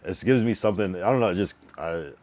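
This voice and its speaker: A man's voice: deep voice, fast, a little mellow. A young man on a casual live stream, chatting loosely and repeating a word again and again to get the pronunciation right. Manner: loose and rambling, with many fillers and laughs. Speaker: livestreamer.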